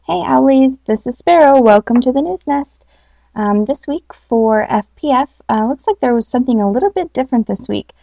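A woman's voice: sits high, lively intonation, moderate pace, gravelly, warm tone, dry recording. A woman hosting a casual podcast, chatting with lots of fillers and reading a story. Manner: chatty, many fillers, laughs easily. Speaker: podcast host. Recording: dull lo-fi home recording.

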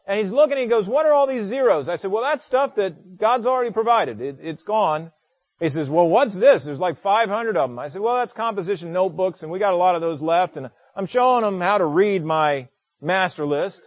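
A man's voice: high voice, fairly quick, dry recording. A middle-aged male pastor preaching a sermon, telling a personal story emphatically with frequent stammered restarts.

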